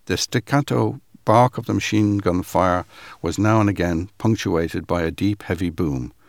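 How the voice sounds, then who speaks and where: A man giving a measured, dramatic reading of a first-person account. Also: sits low, creaky, no room sound.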